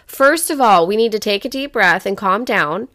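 An animated adult mother with a medium-pitched, slightly bright voice speaks at a moderate pace in a studio-quality recording free of room sound. She recounts a personal story on a casual podcast, blunt and profane, with lots of "like" and "you know."

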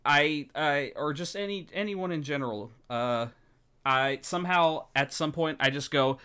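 Smooth-voiced joking male co-host. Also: a little high, measured pace, bright, forceful tone. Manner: joking, rambling, self-interrupting. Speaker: podcast co-host. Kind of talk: casual chat.

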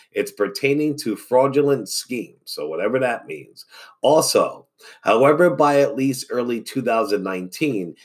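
A man's voice: mid-range voice, darkish tone. A man hosting a wrestling news podcast, reading reports casually and tripping over his words. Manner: stumbles over words and restarts.

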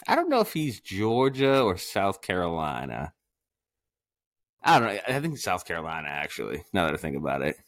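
A man from Massachusetts hosting a podcast, chatting casually and telling profane, animated stories. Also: sits low, normal speed, no echo, studio quality. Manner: profane, animated storytelling with frequent laughs. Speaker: podcast host.

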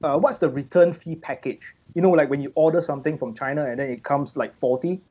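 A man's voice: a little high, brisk, mellow, breathy edge, dull audio. A man chatting and joking casually on a podcast. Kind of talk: casual chat.

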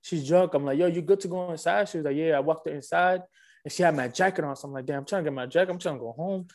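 A man, telling a dating story in a loose, animated, slangy way and acting out both sides of each exchange. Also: on the high side, quick pace. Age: 20s. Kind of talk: casual storytelling.

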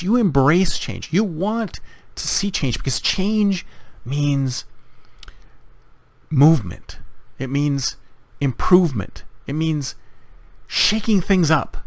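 A man's voice: on the high side, dry recording. A man hosting a podcast monologue, speaking emphatically and repeating phrases for effect. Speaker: podcast host.

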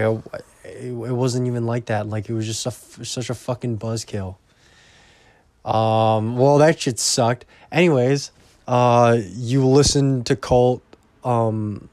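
Slow-talking young man rambling, profane. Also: mid-range voice, a little mellow, no echo. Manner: profane, meandering, trails off into mumbles. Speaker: vlogger. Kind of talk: rambling casual monologue.

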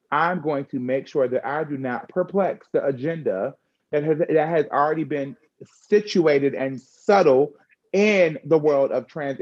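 A woman talking candidly in a conversational chat, frank and expressive with slangy asides. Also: very deep voice, lo-fi sound.

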